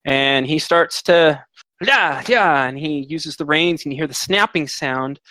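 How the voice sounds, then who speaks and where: A man's voice: on the high side, steady tone, a little slow, pushed and bright, no echo. A man running a tabletop game as game master, rambling with fillers and restarts.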